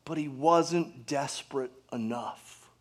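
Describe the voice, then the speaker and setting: Slow-paced and medium-pitched, a pastor preaches earnestly before his congregation. He asks rhetorical questions and drops his voice to a hush for emphasis.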